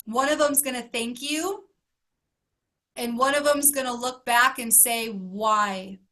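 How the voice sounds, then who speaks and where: A woman's voice: high voice, steady tone, unhurried, pushed and bright. A woman life coach giving an emotional motivational talk to her group, earnest and emphatic, asking question after question. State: emotional, close to tears.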